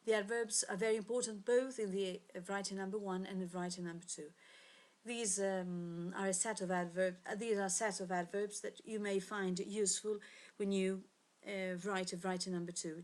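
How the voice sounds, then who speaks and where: A woman, an English teacher giving a recorded grammar lesson, pausing often and correcting herself as she explains. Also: mid-range voice, steady tone. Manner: hesitant, frequent fillers and self-corrections.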